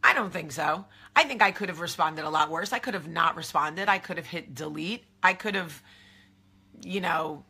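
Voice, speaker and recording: Bright-voiced chatty Jersey woman. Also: on the low side, normal speed, vocal fry, breathy edge. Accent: New Jersey. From from New Jersey. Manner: chatty and confiding, trailing off into asides. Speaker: host. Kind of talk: casual chat to camera.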